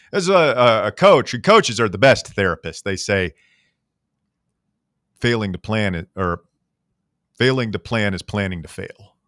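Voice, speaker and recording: A man's voice: lowish voice, a bit bright, no echo, clean studio sound. A man hosting a sports talk radio show in a rambling, jokey, self-deprecating way. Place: radio studio. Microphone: studio microphone.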